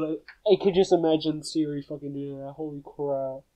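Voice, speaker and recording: A young man playing a visual novel, reading it aloud and blurting excitable, profane reactions. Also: a little high, moderate pace, hardly any pauses, low-quality recording. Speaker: gamer.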